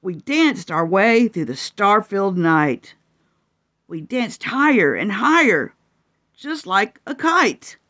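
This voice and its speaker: A woman reading a children's picture book aloud, expressive and full of delighted gasps. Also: mid-range voice, takes it slowly, lo-fi sound. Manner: expressive, gasping and whooping with delight. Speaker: storyteller.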